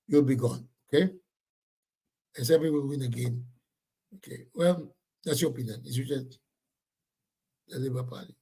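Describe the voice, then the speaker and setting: Guy on a livestream, talks loud and blunt, bit higher voice, keeps repeating himself. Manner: loud, blunt, repetitive scolding of commenters. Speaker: livestream host reading viewer comments. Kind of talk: casual livestream chat.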